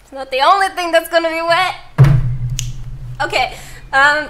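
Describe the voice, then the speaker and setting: A woman's voice: sits high, unhurried, bright, forceful tone. A young woman streaming a game from home, reading the game text aloud and chatting playfully with viewers, often giggling.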